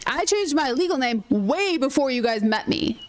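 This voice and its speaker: A young woman gaming streamer chatting casually, telling an animated story full of quoted dialogue. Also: high-pitched, moderate pace. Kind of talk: casual chat while gaming.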